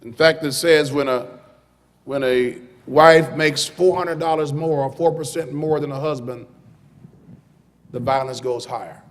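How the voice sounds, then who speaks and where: High-voiced male pastor preaching in a hall. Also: a little slow. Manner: builds from calm teaching to loud preaching. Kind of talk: sermon. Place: church sanctuary.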